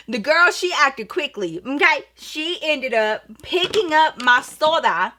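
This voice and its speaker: High bright animated young woman storyteller. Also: unhurried, few pauses. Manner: animated, profane, acts out quoted dialogue. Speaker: vlogger. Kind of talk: storytime while getting ready.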